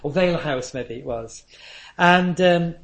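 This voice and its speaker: A man's voice: fairly high pitch, a little slow, fairly bright tone. An older man, preaching a sermon with earnest, anecdotal storytelling.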